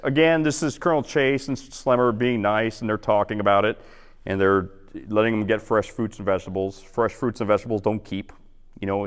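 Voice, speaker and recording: A man giving an informal history talk to a roundtable audience, chatty and acting out quotes in lively voices. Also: medium pitch, in a large hall. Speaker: guest historian. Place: lecture hall.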